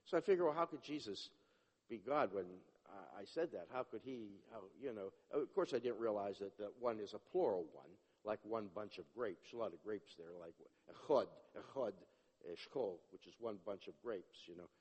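A man giving a personal testimony, animated and acting out the dialogue, often restarting his sentences. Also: on the low side, a little fast, husky. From Jewish upbringing, not a place. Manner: animated, acts out dialogue, self-interrupting. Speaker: testimony speaker. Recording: long hall reverb.

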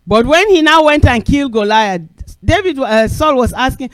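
High-voiced male preacher, dry sound. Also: moderate pace, no echo. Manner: animated storytelling with acted quotes; repeats phrases for emphasis. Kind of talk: sermon.

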